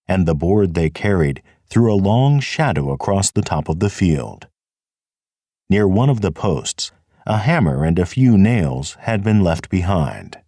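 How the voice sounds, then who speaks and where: Male audiobook narrator, deep voice, lively pitch, dry close recording. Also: dry recording. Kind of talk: scripted narration.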